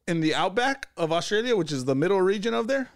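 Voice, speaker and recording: Laughing young man, lively pitch. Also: quick pace. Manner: joking, laughs often, trails off mid-sentence. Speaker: podcast co-host. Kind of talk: casual chat.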